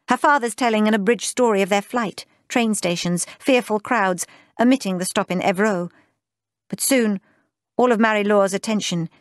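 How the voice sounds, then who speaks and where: A woman narrating a literary audiobook in a measured, lyrical, unhurried way. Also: mid-range voice, no room sound, studio quality.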